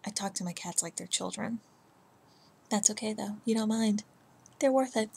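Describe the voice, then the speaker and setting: A woman's voice: medium pitch, steady tone, normal speed, vocal fry, mellow, husky. A young adult woman chatting casually to camera, rambling, laughing often, and cooing baby talk at her cat. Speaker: vlogger.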